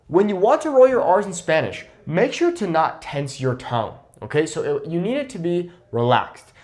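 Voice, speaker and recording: An encouraging, patient young man coaches Spanish pronunciation online in a voice that's a little high and a little mellow. Each point ends with "okay?", and he shows words slowly.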